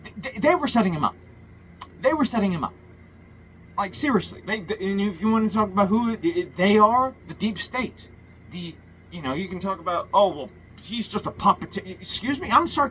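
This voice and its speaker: A man's voice: sits high, a bit bright, slight background noise, rough recording. A man ranting a political monologue, profane and heated, full of stumbles and restarts. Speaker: political commentator.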